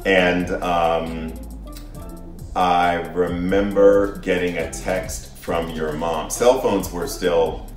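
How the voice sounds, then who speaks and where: A middle-aged man earnestly telling his personal story to his daughter in a relaxed conversation, reflective and often restarting his sentences. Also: low voice, drawn-out words, recorded from a distance. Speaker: guest, the host's father. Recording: echoey room, voice off-mic, faint music behind.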